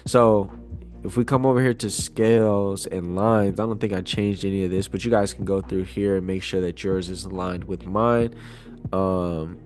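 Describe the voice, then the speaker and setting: A man hosting a casual screen-share tutorial, talking in a relaxed, rambling way with many fillers. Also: sits low, moderate pace, soft background music. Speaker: trading tutorial host. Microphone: wireless clip-on mic.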